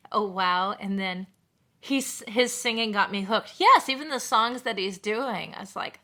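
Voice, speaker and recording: A woman talks casually to her live stream viewers in a loose, rambling way and thanks them again and again. Her voice is very bright and clear in tone. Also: mid-range voice.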